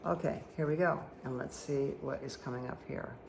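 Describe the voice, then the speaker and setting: A woman's voice: a bass voice, moderate pace, vocal fry, background noise. A woman giving a card reading for her viewers, chatty and rambling, who often checks in with "okay?". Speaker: spiritual guide reading tarot and angel cards. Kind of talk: casual talk to viewers while reading cards.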